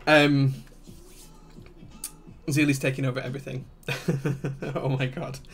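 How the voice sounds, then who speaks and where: A man's voice: mid-range voice, flat delivery, slow pace, faint music behind. A man, hosting a live stream where he walks through a build step by step and answers chat. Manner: methodical step-by-step explaining, reading chat aloud.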